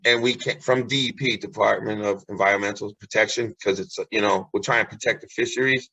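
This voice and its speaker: A man's voice: fairly low pitch, fairly even intonation, brisk, pushed and bright, husky, no echo, rough recording. A man talking as a guest in a casual interview, earnest and encouraging, repeating his key phrases.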